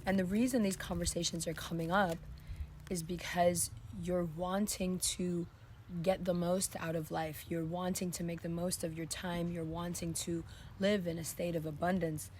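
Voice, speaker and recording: A woman with a hoarse, worn voice giving a casual monthly tarot reading outdoors, talking in a relaxed, reassuring way and often repeating her phrases. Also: on the low side, moderate pace, a little hiss or hum. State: hoarse, lost voice. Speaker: tarot reader. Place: outdoors in a breezy spot.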